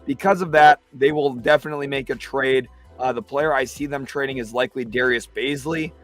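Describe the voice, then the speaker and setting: A man's voice: medium pitch, a little fast, no room sound, faint music behind. A man hosting a live basketball talk stream, reading viewer comments and breaking down trades. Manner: excitable, reads chat comments aloud. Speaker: livestream host.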